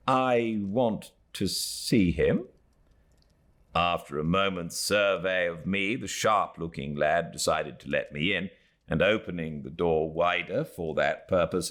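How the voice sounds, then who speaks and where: A man's voice: low voice, fairly bright tone. A British man reading a classic novel aloud as an audiobook narrator at home by a fireplace, telling the story expressively. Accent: British English. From Britain.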